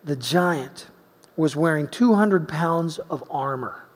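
High-voiced preacher in a reverberant hall. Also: male voice, takes it slowly. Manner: animated storyteller, swinging between loud emphasis and quiet asides. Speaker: pastor. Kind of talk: sermon with personal storytelling. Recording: long reverb of a large hall.

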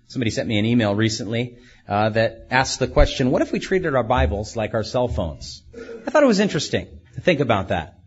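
A man's voice: medium pitch, breathy edge, highs cut off. A man preaching a sermon as a pastor, asking rhetorical questions and acting out quoted speakers.

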